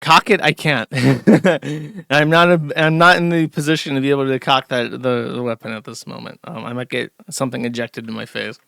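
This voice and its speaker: Sharp-voiced sarcastic male streamer. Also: mid-range voice, fairly even intonation, normal speed, creaky, no room sound, studio quality. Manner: sarcastic, rambling with fillers and laughs. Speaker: streamer host. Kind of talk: casual ranting commentary.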